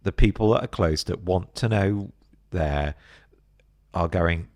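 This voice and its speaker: A middle-aged British man talking as a podcast guest, telling stories in a casual, animated way and acting out other people's voices. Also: deep voice, slow, dry recording. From Britain. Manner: animated, acts out voices of others mid-story. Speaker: podcast guest, business co-founder. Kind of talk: casual interview chat.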